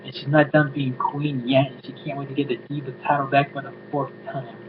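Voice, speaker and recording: A man's voice: medium pitch, flat delivery, a little fast, a crowd in the background. A man giving a casual spoken review, ranting and swearing with exasperated asides. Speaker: show reviewer. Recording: tinny phone-like audio with noise.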